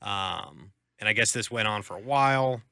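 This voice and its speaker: A man's voice: lowish voice, moderate pace, pushed and bright, no echo, clean studio sound. A man co-hosting a podcast, retelling a listener's story in a hesitant way with many fillers. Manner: hesitant, many fillers, mimics quoted voices. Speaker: podcast co-host. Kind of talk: casual chat, reading a story aloud.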